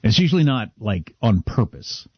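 A man's voice: fairly low pitch, big pitch swings, moderate pace, breathy edge, no room sound, dull audio. A middle-aged man co-hosting a radio talk show, chatting casually and self-deprecatingly. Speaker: radio co-host.

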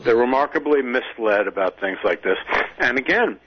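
A man co-hosting a political talk radio show, measured and deliberate, stressing key words. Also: medium pitch, expressive, slightly rough. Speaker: radio co-host, commentator. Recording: dull lo-fi radio sound.

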